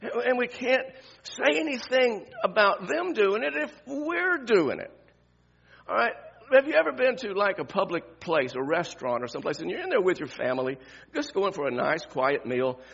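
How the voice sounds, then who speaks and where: A man's voice: high voice, big pitch swings, normal speed, vocal fry, a bit bright, slightly rough, highs cut off. An older man with grandchildren, preaching a conversational sermon full of rhetorical questions and restarts.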